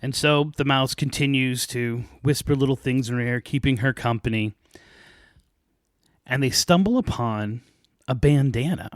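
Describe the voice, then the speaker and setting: A man hosting a podcast, casually retelling a folk tale with lively asides and light laughs. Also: medium pitch, normal speed, dry recording, studio quality. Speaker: podcast host.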